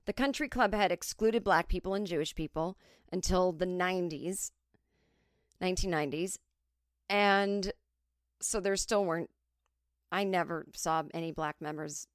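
A woman's voice: on the low side, moderate pace, long pauses, no room sound, clean studio sound. A woman in her forties telling a comic story in a chatty way, briefly putting on voices of other people. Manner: chatty, animated impressions of others. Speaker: podcast host. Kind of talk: solo comedic storytelling.

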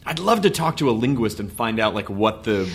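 An American man hosting a casual chat, playful and animated, often slipping into silly voices. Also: lowish voice, a little fast. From United States. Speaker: podcast host.

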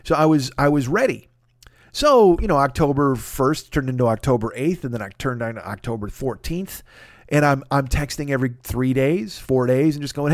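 A man hosting a podcast, telling a self-deprecating comic story in an animated, profane way. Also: medium pitch, normal speed, dry recording, studio quality. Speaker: podcast host. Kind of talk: comedic storytelling monologue.

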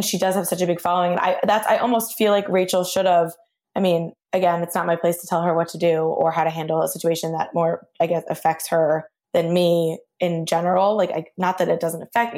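A woman's voice: on the low side, darkish tone. A woman hosting a podcast in casual chat, rambling and hedging with lots of "like". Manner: rambling, hedging, heavy use of "like". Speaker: podcast host.

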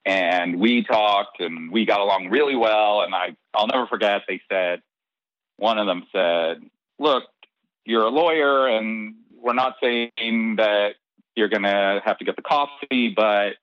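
A man telling a personal story in an interview, bringing the dialogue to life and breaking into laughter. His voice sits fairly low and is recorded dry and dull, with a slightly lo-fi sound. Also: slow, no echo. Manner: animated anecdote with quoted dialogue and laughs. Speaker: interview guest. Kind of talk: casual storytelling.

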